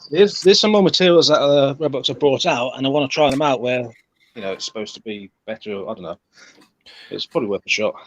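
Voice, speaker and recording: A man's voice: mid-range voice, fast talker, fairly bright tone, dull audio, slight background noise. A man chatting casually on a live stream, with offhand mumbled asides.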